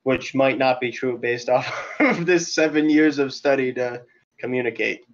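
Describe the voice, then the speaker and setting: A man's voice: mid-range voice, normal speed, lo-fi sound. A man playing a tabletop game online, chatting casually, thinking aloud over the rules and laughing often. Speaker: player. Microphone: voice chat over internet.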